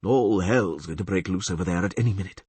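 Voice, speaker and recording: A man voicing a gloomy, grave priest in an audiobook, speaking in a measured way. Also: deep voice, darkish tone, husky, no echo. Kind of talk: audiobook character voice.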